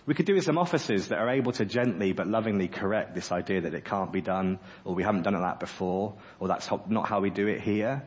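A man's voice: on the low side, quick pace, hardly any pauses. A man preaching a sermon in church, earnest and passionate with humorous asides. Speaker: pastor. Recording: dull lo-fi sermon audio.

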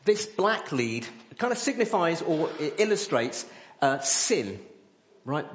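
Animated man preaching in an echoey hall. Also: fairly high pitch, muffled recording. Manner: animated, with frequent tag questions. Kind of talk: sermon with an object lesson.

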